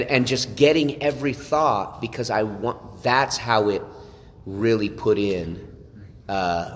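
Earnest man telling a story in a reverberant hall. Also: mid-range voice. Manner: earnest storytelling with repeated restarts and "right?" asides. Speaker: church leader sharing testimony. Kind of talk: testimony talk to a church group.

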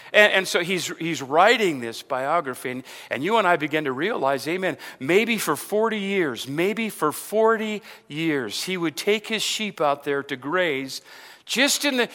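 A male preacher in full sermon, voice bright and pitched a little high, swinging from low asides to loud, emphatic runs. He keeps asking the congregation questions and repeating words. The long reverb of a big hall hangs on every phrase. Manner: repeats words, asks the crowd rhetorical questions; builds to loud emphatic stretches, then drops low.

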